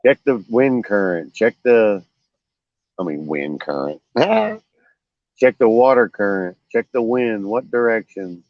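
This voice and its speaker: A man's voice: fairly low pitch, big pitch swings, takes it slowly, no echo. A man chatting casually while fishing by a lake at night, rambling and full of fillers. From Oklahoma. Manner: rambling, many fillers, storytelling. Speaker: vlogger, angler. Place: lakeshore outdoors at night. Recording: dull lo-fi outdoor audio.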